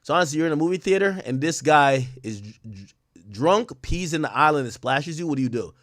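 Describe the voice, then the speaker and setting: A young adult man hosting a stream on a close, dry microphone. His voice sits high and bright, and he swings it up and down with loud, profane reactions and frequent laughter. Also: animated, brisk, no room sound. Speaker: streamer host. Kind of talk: casual commentary on a live stream.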